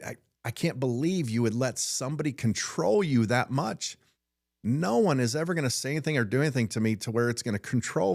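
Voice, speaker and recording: A man's voice: mid-range voice, no echo, studio quality. A middle-aged man, a business owner hosting his own show, talking frankly in a casual monologue and often repeating and restarting words.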